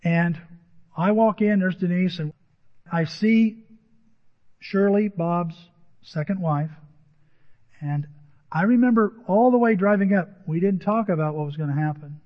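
A man's voice: high voice, measured pace, pauses often. A middle-aged man preaching a sermon, telling a personal story in an earnest way with quoted dialogue. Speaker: pastor. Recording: dull audio with long hall reverb.

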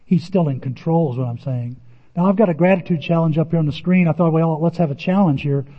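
A man preaching a sermon in a conversational, animated way, his voice rising for emphasis. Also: a little high, fast talker. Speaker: pastor. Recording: muffled sound in a reverberant hall.

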